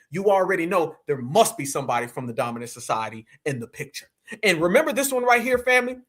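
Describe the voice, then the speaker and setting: American guy on a live stream reacting to clips, really high voice, bright and sharp, mocking and slangy. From United States. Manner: animated, incredulous, slangy and mocking.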